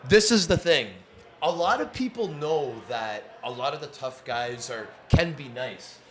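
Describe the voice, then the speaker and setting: Animated hockey podcast host, a man. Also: fairly high pitch, a little slow, a little hiss or hum. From Toronto, Canada. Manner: enthusiastic, emphatic, repeats for stress. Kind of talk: casual interview chat. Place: podcast studio inside a sports bar.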